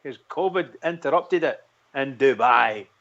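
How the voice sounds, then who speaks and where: A man's voice: mid-range voice, lively intonation, unhurried, creaky, a bit bright, dull audio. A man on a radio panel, teasing and sarcastic. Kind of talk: casual radio chat.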